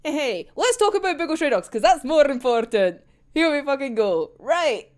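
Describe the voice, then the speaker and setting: A woman reacting to a manga chapter in a casual chat. Her voice is rough because she is unwell, and she swears a lot and laughs often. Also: high voice, big pitch swings, normal speed, a little mellow. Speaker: manga reviewer.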